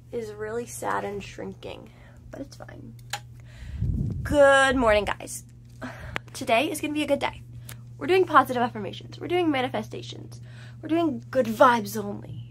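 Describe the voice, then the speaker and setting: With background noise behind her, a young adult vlogger chats casually in a mid-range voice. Her manner is bubbly and full of jokes, often at her own expense.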